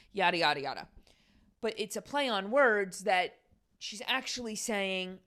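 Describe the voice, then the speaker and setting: A woman's voice: mid-range voice, animated, moderate pace, pushed and bright. A young adult woman hosting her own podcast, talking in a casual, exasperated rant full of fillers and sarcasm. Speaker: podcast host.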